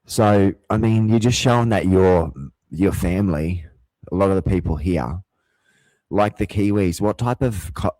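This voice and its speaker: A man's voice: deep voice, darkish tone, dry recording. A man hosting his own show, talking in a heated, profane, rambling monologue full of restarts and swearing. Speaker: show host.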